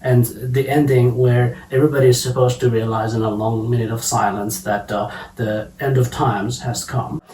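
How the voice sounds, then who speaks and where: A man's voice: mid-range voice, steady tone, normal speed, hardly any pauses, darkish tone. Man talking from a distance in an echoey room. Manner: questioning, many fillers and restarts. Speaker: podcast co-host. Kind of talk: casual book discussion. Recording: roomy, distant mic with faint ambience.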